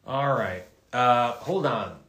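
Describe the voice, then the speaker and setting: A man, a voice actor, casually telling stories and answering fans' questions in a live session, in a halting way with frequent restarts and repeated words. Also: medium pitch, animated, fairly bright tone. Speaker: voice actor guest at an autograph livestream. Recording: roomy echo.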